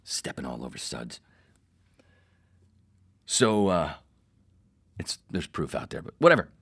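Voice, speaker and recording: Middle-aged podcast guy, really low voice but swings all over, swears a lot while telling old radio stories. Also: unhurried, slightly rough. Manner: profane, animated, acts out quotes. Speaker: podcast host, former radio producer. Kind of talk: casual storytelling monologue.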